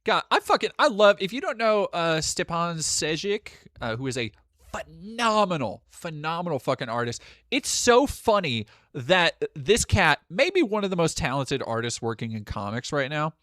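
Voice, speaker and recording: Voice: medium pitch, moderate pace, hardly any pauses, no room sound, studio quality. A streamer talking casually to chat while reacting to videos, swearing freely and thanking donors. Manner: profane, animated, chatty. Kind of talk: casual live-stream commentary.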